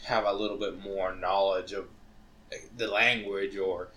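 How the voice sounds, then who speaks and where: A man's voice: low-pitched, little pitch movement, unhurried, bright, forceful tone. A man co-hosting a podcast, teasing and chatting casually. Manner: teasing, laughs a lot. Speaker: podcast co-host. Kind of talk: casual chat.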